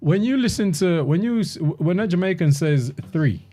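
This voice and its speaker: A man chatting in a relaxed group discussion, his voice slightly high yet mellow and soft. He talks in bursts, repeating words and restarting sentences as he works out his point. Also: normal speed. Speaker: host. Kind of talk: casual discussion. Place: London.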